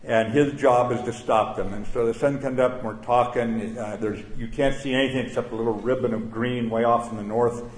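A man's voice: medium pitch, steady tone. Plain-spoken older man speaking in a roomy hall. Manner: plain-spoken, blunt, halting with fillers. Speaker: retired military general giving a speech. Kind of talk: speech with anecdote to a live audience. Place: event venue before an evening audience. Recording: roomy room with faint ambience.

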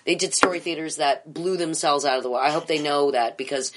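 A woman's voice: sits low, fast talker, noisy background. A middle-aged woman, an improv teacher, talking bluntly and profanely in a candid interview.

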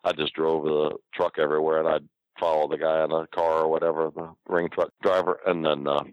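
A man's voice: rumbling low, flat delivery, a little fast, no room sound, lo-fi sound. A man, a wrestling promoter, telling a rambling, profane story in a casual interview. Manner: rambling, profane, full of fillers.

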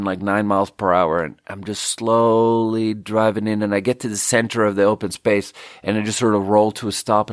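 A man's voice: lowish voice, no room sound, clean studio sound. A man from Sweden, telling a rambling story in a casual solo monologue full of "like". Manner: casual, meandering, lots of "like".

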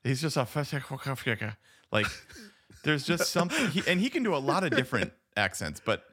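Male podcast co-host, bright voice, casual rambling chat with many restarts. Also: fairly high pitch, very animated, moderate pace, breathy edge. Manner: rambling, lots of "like" and restarts, laughs often. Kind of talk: casual chat about a film.

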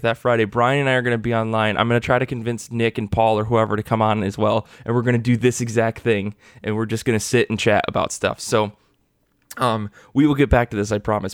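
A man's voice: mid-range voice, dry recording, clean studio sound. A man hosting a casual podcast chat, rambling with lots of restarts and fillers. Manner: rambling, heavy use of "like" and restarts. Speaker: podcast host.

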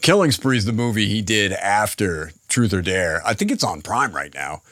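A man's voice: on the low side, animated, normal speed, a bit bright, no echo, studio quality. A man hosting a podcast, talking in a casual, profane and enthusiastic way. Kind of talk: casual chat.

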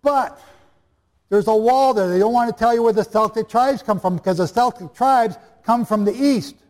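A man's voice: high voice, normal speed, a little mellow. A man preaching and teaching the Bible to a live audience, chatty and jokey, often quizzing the listeners. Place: hall before a live audience. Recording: long reverb of a large hall.

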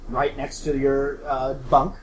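A man's voice: medium pitch, monotone, slow, reverberant, a little hiss or hum, low-quality recording. A man narrating as game master in loose, chatty storytelling full of fillers.

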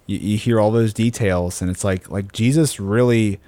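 A man in a casual faith discussion on a podcast, earnest and halting, with many restarts. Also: on the low side, warm tone, no room sound.

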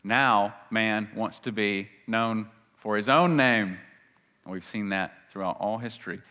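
Emphatic preacher with a bright voice. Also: male voice, fairly low pitch, unhurried. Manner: emphatic, swings between loud and hushed; reads scripture aloud with dramatic emphasis. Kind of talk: sermon.

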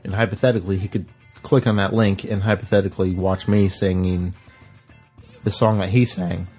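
A man co-hosting a podcast, telling a rambling story in casual chat and often clearing his throat. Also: sits low, flat delivery, moderate pace, a little mellow, soft background music. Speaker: podcast co-host.

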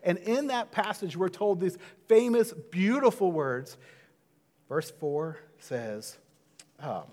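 A man preaching a sermon in a conversational way, dropping to a hush and then rising loud. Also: sits high, lively intonation, takes it slowly. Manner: conversational, swings from hushed to loud. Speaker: pastor. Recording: long hall reverb.

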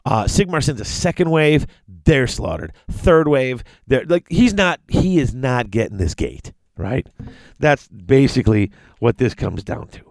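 A man casually retelling a fantasy battle story, excitable and rambling. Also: measured pace, no room sound. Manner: excitable, rambling, big pitch swings. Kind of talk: casual chat.

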